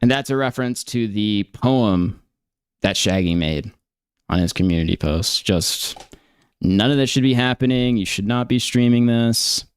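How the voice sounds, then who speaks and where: Male stream host, mid-pitched smooth clear voice, dry close sound, casual incredulous commentary with ums. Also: moderate pace, no room sound. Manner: incredulous, hedging, many fillers. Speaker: stream host reacting to clips.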